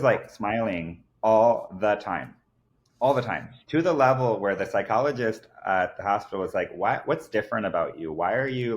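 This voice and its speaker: A man, a podcast guest, telling a personal story in an earnest, emphatic way, full of fillers like "like". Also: lowish voice. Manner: earnest and emphatic, many fillers like "like" and "I kid you not".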